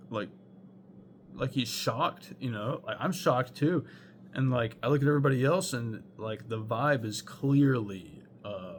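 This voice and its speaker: A man's voice: mid-range voice, a little hiss or hum. A young man telling a rambling storytime anecdote, full of fillers and swearing. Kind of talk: casual storytime monologue.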